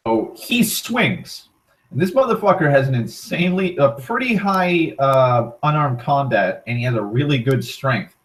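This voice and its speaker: A man casually retelling a tabletop game session, swearing constantly and acting out the characters' lines. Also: medium pitch. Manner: heavy swearing, rambling with restarts; animated, acting out quoted lines. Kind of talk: casual storytelling monologue. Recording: voice a bit far from the mic.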